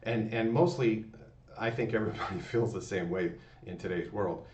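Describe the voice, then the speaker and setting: Motivational host, man, very low voice, rambling folksy delivery, dull echoey recording. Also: normal speed, a little mellow, a little hiss or hum. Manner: rambling, folksy, many fillers and restarts. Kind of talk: motivational talk. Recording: distant, roomy, dull lo-fi sound.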